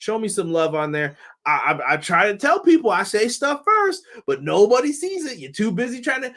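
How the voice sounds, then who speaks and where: A man's voice: high-pitched, big pitch swings, normal speed, pushed and bright. A man hosting a casual wrestling review show, talking loosely with laughs, curses and mock voices. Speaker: wrestling podcast host.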